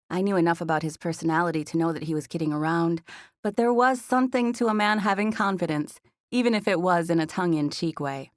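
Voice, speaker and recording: A woman with a fairly low voice narrates a first-person romance audiobook in a smooth, even way. The recording is dry and close, with no room sound behind her. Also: fast talker, no echo.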